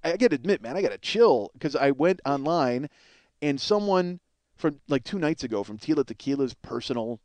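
A man's voice: a little high, lively intonation, moderate pace, darkish tone, no room sound. A man hosting his own podcast, delivering a profane, rambling comedic monologue that mocks himself as much as anyone. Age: middle-aged. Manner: profane, ranting, self-mocking. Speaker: podcast host.

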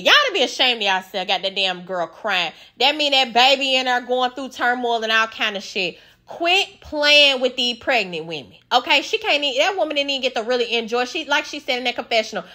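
A woman recapping a reality show in a sassy, opinionated way, animated and quick to take sides. Her voice is bright and a little high. She talks like she is chatting with friends. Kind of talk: casual recap commentary.

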